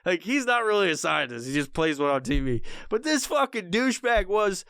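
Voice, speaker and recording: A man's voice: high voice, very animated, fairly quick, pushed and bright, clean tone, dry recording, clean studio sound. A man hosting a podcast, telling a rambling, heavily profane comedic story. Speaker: podcast host.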